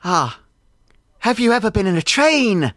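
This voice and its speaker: A shy male train, played by a performer, stammers through his date. His pitch jumps about. The sound is dry and close. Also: sing-song, unhurried, fairly bright tone, no echo. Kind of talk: improvised comedy sketch.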